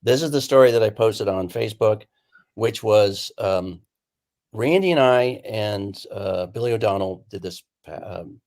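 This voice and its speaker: Slightly slow and on the low side, with some vocal fry, this man is a painter and guest casually relating an anecdote. He's an animated storyteller who voices what people said.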